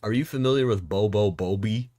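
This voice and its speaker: Deep-voiced, deadpan young man streaming. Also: a little fast. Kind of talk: casual livestream banter.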